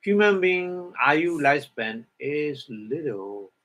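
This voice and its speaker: A man teaching a dharma lecture in halting English, explaining Pali terms word by word and often asking "huh?". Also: fairly high pitch, sing-song, fairly bright tone, muffled recording. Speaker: Buddhist meditation teacher.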